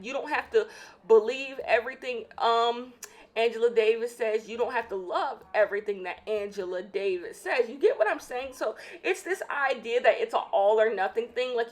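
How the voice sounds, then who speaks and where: A young woman hosting a casual solo podcast, opinionated and emphatic, repeating her points, a bit out of breath. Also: fairly high pitch. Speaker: podcast host.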